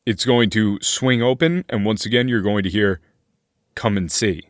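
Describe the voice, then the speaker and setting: A man's voice: lowish voice, fairly even intonation, normal speed, no echo, studio quality. A man running a tabletop game as game master, narrating scenes loosely with plenty of fillers and restarts.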